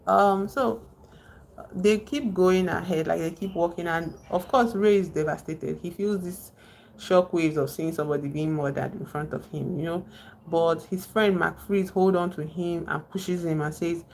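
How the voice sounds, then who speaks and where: Chatty low-voiced woman streamer. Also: steady tone, moderate pace, darkish tone, a little hiss or hum. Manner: chatty, breaks off to greet chat viewers. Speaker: live streamer. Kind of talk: casual live-stream movie recap.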